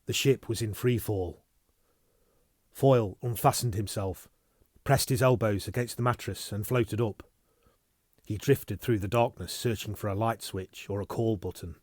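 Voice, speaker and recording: A man reading an audiobook in a steady, measured narration. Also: fairly low pitch, dry recording, studio quality. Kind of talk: scripted narration.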